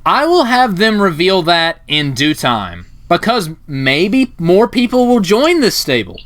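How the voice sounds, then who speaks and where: Guy on a podcast, high pitched and super animated, bright sound, jokey. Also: unhurried. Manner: animated, jokey, laughs loudly. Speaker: podcast host narrating a wrestling game. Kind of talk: casual podcast narration.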